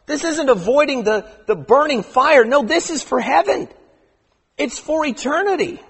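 High-voiced preacher in an echoing hall. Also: male voice, expressive. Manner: impassioned, drops to slow quiet emphasis. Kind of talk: sermon. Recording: echoey hall.

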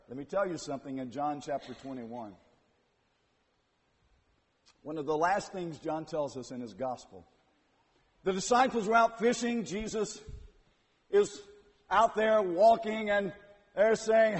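A man preaching a sermon, retelling scripture with dramatic swings from hushed to loud. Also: high voice, animated, measured pace, pauses often. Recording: long hall reverb.

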